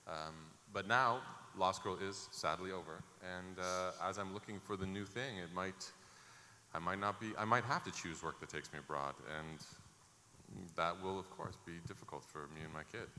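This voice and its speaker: A man with a fairly low voice talks through a panel mic at a big convention, candid and a little joking, trailing into fillers now and then. His words ring out with a long hall reverb over a clear layer of background noise. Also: moderate pace, bright, forceful tone. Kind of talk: casual panel talk.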